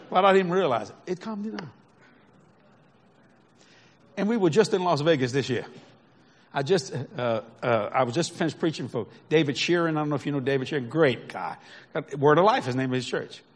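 A man preaches a storytelling sermon built from folksy stories, chuckling often and asking whether his listeners follow. His voice is a little high and expressive, at a moderate pace with frequent pauses, and his manner is conversational.

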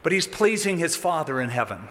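A man delivers a sermon in a fairly high voice, with theatrical swings between emphatic bursts and quiet, low asides. The sound carries a long reverb tail, as in a large church sanctuary. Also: a little fast, a little hiss or hum. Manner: animated, dramatic with sudden drops. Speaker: pastor.

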